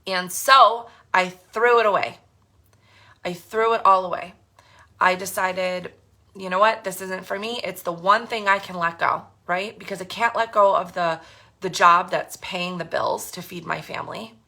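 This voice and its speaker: A woman's voice: fairly low pitch, unhurried, bright, forceful tone. A woman in her thirties telling her own story to camera, earnest and frank, with frequent fillers and restarts. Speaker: direct sales team leader. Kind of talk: candid personal talk to camera.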